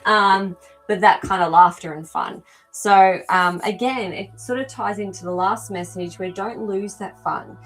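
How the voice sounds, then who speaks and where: A woman's voice: mid-range voice, fairly even intonation, a little slow, a bit bright, faint music behind, low-quality recording. A woman hosting a live animal communication show, talking casually to viewers and thinking aloud with many ums. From not from America. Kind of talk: live-stream reading for viewers.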